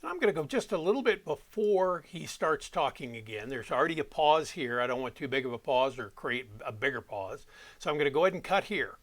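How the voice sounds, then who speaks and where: A man giving a step-by-step software walkthrough as an audio production instructor, talking while he clicks. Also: on the high side, expressive, fairly quick.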